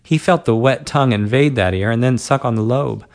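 Male narrator, mid-pitched with a gravelly edge, steady unhurried story reading. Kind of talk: reading an adult story aloud.

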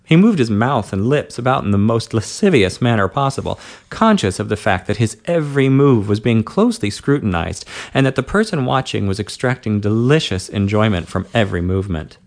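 A man reading an adult story aloud at a steady, unhurried pace. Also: fairly low pitch. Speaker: narrator.

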